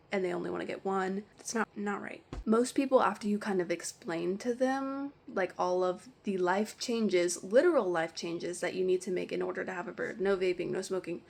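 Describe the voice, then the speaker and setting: A woman vlogger telling a ranting storytime about her work, animated and full of "like". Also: fairly low pitch, gravelly, slight background noise. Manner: animated, heavy use of "like". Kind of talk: storytime rant.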